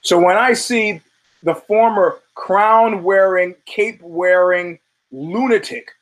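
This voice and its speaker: A man's voice: sits high, takes it slowly, rough recording. A male show host giving a blunt, rambling commentary monologue full of profanity and restarts.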